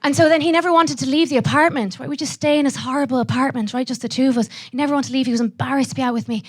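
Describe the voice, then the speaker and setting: A young Irish woman doing a live stand-up set, brash and profane, throwing quick asides to the audience. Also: sits high, fairly even intonation. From Ireland. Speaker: stand-up comedian.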